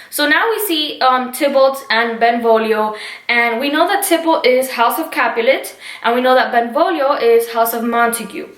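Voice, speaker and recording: A woman's voice: fairly high pitch, a bit bright, roomy sound, poor audio. A woman teacher casually explaining a play to her students, checking in with them often. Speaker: English teacher.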